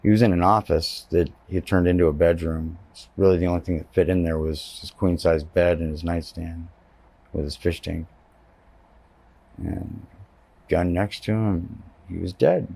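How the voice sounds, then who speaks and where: A man's voice: deep voice, steady tone, normal speed, creaky, a little mellow. A man from Texas giving personal testimony in an interview, telling his story candidly and plainly.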